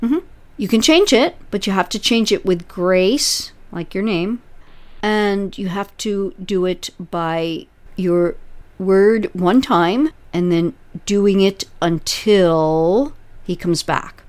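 A woman's voice: medium pitch, takes it slowly. A woman hosting as a relationship coach, advising a listener emphatically and explaining through analogies.

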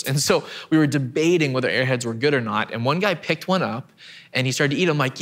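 A man's voice: medium pitch, fast talker, a bit bright. A man in his thirties preaches from a church stage. He keeps it conversational and self-deprecating, often doubling back on his words as he restarts a thought. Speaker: pastor. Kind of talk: sermon.

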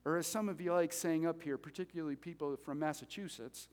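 A man preaching a sermon as pastor, animated and conversational, joking with the congregation between points. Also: fairly high pitch, brisk. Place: church sanctuary. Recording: reverberant hall.

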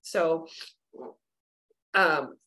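A woman's voice: sits low, drawn-out words, pushed and bright. A woman co-hosting a podcast in casual chat, talking in loose run-on sentences full of "like" and acting out the voices she quotes. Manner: chatty, filler-heavy, acts out quoted voices. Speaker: podcast co-host.

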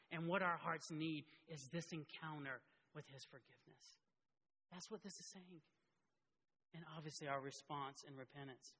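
A man preaching a sermon as pastor, impassioned and climbing to high emotional peaks as he tells stories and reads scripture. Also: bright, forceful tone, husky. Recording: long hall reverb.

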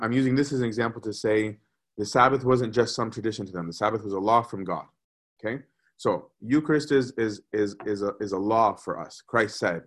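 A man giving a conversational sermon as a priest, often repeating words as he gathers his thoughts. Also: medium pitch.

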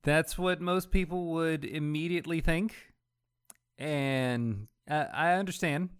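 A man in a casual comics chat, talking haltingly with frequent restarts and laughs. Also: a little high, clear, resonant tone.

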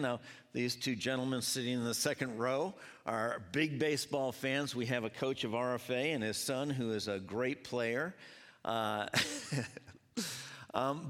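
A man preaching a sermon to a congregation, chatting with the audience as he goes. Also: a little high. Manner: lively, conversational preaching with audience banter. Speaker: pastor. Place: church sanctuary. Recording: long hall reverb.

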